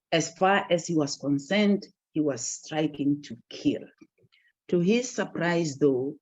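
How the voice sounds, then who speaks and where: Husky storyteller. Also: medium pitch. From southern Africa, Basotho. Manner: expressive, dramatic storytelling with swells in volume. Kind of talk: folktale storytelling. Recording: dull lo-fi recording.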